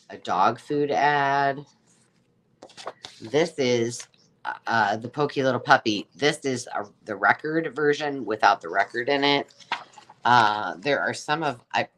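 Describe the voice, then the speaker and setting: A woman's voice: extremely low pitch, a bit bright, slight background noise. A woman hosting a casual live sale of craft supplies, chatting in a rambling way and exclaiming over each item she pulls out. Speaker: host selling craft supplies.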